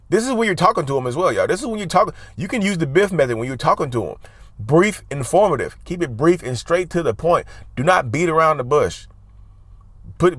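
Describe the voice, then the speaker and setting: A man's voice: on the high side, no room sound. A man hosting a casual advice monologue, driving his points home by repeating key words and calling his viewers "y'all.". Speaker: mental health channel host.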